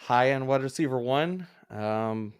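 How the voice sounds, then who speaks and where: A man's voice: mid-range voice, a little slow, clean tone. A man co-hosting a fantasy football show, giving brief, easygoing answers in casual chat.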